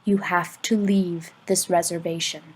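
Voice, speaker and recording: A woman's voice: medium pitch, close to an everyday voice, rough recording. A woman reading the lines of an earnest adult male teacher in an amateur audiobook, talking urgently and sometimes stammering. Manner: urgent, halting, stammering in places.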